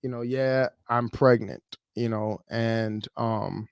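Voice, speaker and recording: A man's voice: on the low side, fairly even intonation, slow. A man in his thirties from Chicago, telling a personal story on a livestream in a casual, emotional way with many fillers. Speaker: livestream host.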